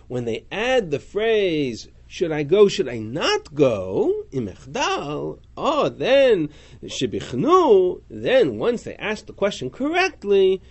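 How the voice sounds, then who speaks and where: Male teacher, higher voice, animated and lively, reading passages aloud and explaining them. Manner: animated, reads Hebrew and Aramaic then translates. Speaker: Talmud class teacher. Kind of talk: text study class.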